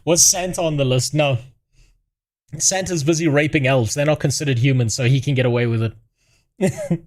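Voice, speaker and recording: A man's voice: medium pitch, brisk. A man from Africa, doing crude, profane livestream commentary and laughing at his own jokes. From South Africa.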